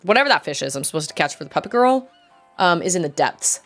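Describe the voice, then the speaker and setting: A fairly low-voiced woman from Utah chats and rambles while she streams a game, laughing often between thoughts. She enunciates every word, with hard R's. Faint game music plays behind her. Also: very animated, fast, a bit bright. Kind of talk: casual chat while playing a game.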